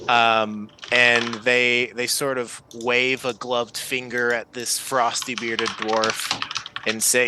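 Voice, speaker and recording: A man's voice: medium pitch, level tone, slow, background noise. A man narrating as game master in a loose, chatty way with many fillers.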